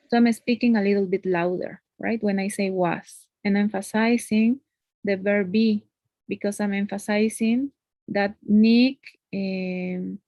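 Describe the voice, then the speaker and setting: A woman gives a one-on-one English lesson in a mid-pitched voice. Her talk is patient and explanatory, and she keeps checking in with a little "no?". The recording is dry and close, with no room sound. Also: fairly even intonation, measured pace, no echo, muffled recording. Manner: explains patiently, often adds "no?" as a tag. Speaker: English teacher.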